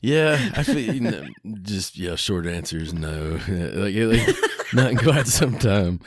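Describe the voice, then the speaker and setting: Chill podcast cohost dude, low gravelly voice, swings up and down a lot. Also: male voice, expressive, takes it slowly, no room sound. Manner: laid-back, chuckles often. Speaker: podcast co-host. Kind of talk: casual podcast chat.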